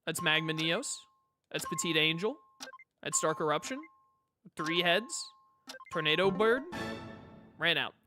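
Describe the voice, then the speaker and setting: Casual gamer rattling off guesses over game music. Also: medium pitch. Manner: quick guessing, self-mocking asides. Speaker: gaming YouTuber. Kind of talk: casual let's-play commentary.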